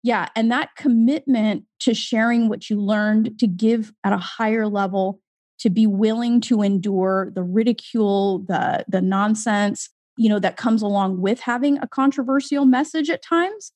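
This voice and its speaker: A woman's voice: medium pitch, unhurried, a little mellow, no room sound. A woman speaking in a casual conversation as an author guest, earnest and emphatic, swearing now and then.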